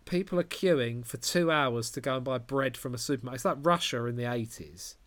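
A man's voice: medium pitch, animated, a little fast, fairly bright tone. A man from England chatting casually, with dry, wry asides. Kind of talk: casual chat.

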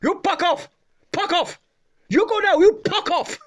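A man's voice: extremely high pitch, a little slow, pitched above the performer's own voice. Man doing a barking owner in broken English. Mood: shouting. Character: stern male petrol station owner.

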